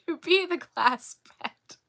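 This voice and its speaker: A woman vlogger casually telling a story in an animated, exasperated way. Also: very high-pitched, slow pace, gravelly. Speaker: crochet vlogger.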